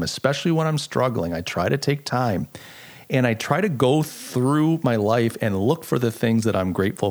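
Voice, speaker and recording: A man's voice: medium pitch, darkish tone. Earnest middle-aged man musing aloud. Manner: earnest, reflective storytelling with frequent restarts. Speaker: podcast host. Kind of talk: casual solo podcast monologue.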